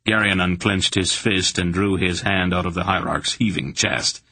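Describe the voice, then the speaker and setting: A man narrating an audiobook in a steady, measured storytelling manner. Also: sits low, slight background noise. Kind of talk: scripted narration.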